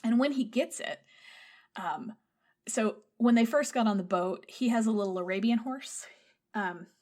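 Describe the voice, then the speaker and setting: A woman's voice: on the high side, moderate pace. A woman co-hosting a podcast who animatedly retells a film in casual chat, laughing often and swearing freely. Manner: animated storyteller, swears, laughs often, acts out quoted lines. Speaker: podcast co-host.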